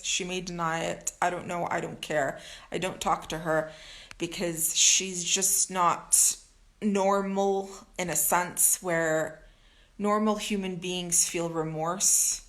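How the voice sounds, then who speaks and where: A young woman who creates spiritual content talks straight to the camera in a rambling, candid, emphatic monologue, swearing freely. Her voice is lowish and a bit bright, and the audio is poor and reverberant.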